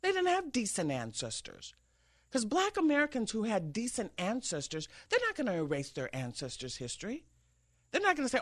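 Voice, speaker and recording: A woman's voice: a little high, huge pitch swings, brisk. A woman hosting a talk show, giving an emphatic political commentary monologue from a studio, often mimicking others mockingly. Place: radio studio with an engineer.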